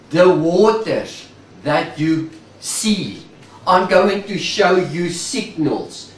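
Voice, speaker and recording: Male preacher, slow and emphatic, high-pitched, heard at a distance in a roomy hall. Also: a bit bright, a little hiss or hum. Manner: emphatic, repeating key words, drawn-out phrases. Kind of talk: sermon. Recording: echoey room, mic at a distance.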